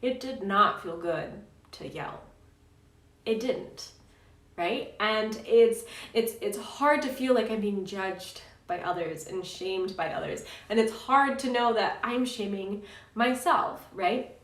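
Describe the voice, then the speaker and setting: A woman's voice: mid-range voice, slow. A woman in her thirties, a parenting coach, telling a personal story in an earnest, chatty way and checking in with "right?". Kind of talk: casual advice talk to camera. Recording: roomy echo, slightly distant mic.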